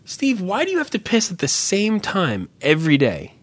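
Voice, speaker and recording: A man chatting on a podcast, pitched a little high and recorded dry and close. He rambles through profane, animated stories in casual banter. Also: normal speed, husky, no room sound. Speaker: podcast co-host.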